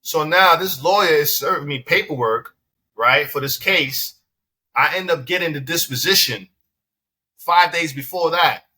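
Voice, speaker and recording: A man's voice: a little high, measured pace, bright, forceful tone, breathy edge. A man from the Bronx, a business owner telling a story in a casual interview, acting out both sides of the exchanges and swearing freely. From the Bronx, New York. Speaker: dispensary owner, podcast guest.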